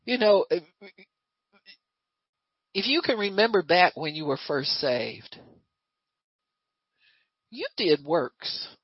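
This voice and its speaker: Woman preacher, animated pitch, breathy edge, dull muffled recording. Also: takes it slowly, pauses often, no room sound. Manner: lively, conversational preaching with rhetorical questions. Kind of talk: sermon.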